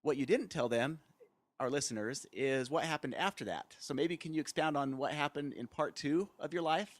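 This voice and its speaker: Higher-voiced man host, off mic. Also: moderate pace. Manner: conversational questioning. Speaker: podcast host. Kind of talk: podcast interview.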